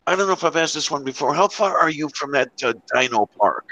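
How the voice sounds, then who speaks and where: A man's voice: on the high side, lively intonation, fast, sharp tone, dry recording. A man chatting eagerly on a podcast call. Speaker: podcast guest. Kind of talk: casual chat. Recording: dull lo-fi call audio.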